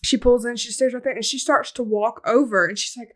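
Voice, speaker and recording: Young female podcast host, high voice, loose and animated storyteller, swears freely. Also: brisk. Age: young adult. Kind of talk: casual storytelling chat.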